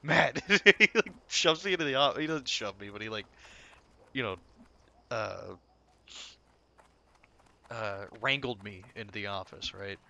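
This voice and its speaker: Man, casual gaming storytelling, lowish voice, bright forceful tone, rambling, profane, laughing. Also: unhurried, gravelly, long pauses, slight background noise. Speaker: streamer.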